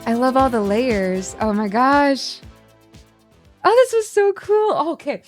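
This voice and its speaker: Gushing, chatty woman with a slightly high voice. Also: animated, slow, music in the background. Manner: gushing, chatty, many filler words. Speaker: music reaction host. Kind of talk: casual reaction commentary.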